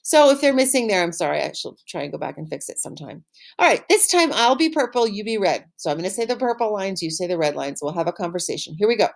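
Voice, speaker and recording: A woman teaching an online French lesson, saying words slowly and clearly for pupils to repeat and praising them warmly. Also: mid-range voice, expressive. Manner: encouraging, upbeat praise. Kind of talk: recorded online language lesson.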